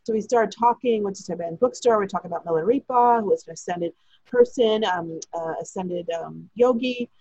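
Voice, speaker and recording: A woman's voice: medium pitch, normal speed, a little mellow, no echo, dull audio. A woman telling a long personal story in a chatty, breathless way, acting out the lines of the people in it. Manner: chatty, breathless retelling with quoted dialogue. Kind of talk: casual storytelling.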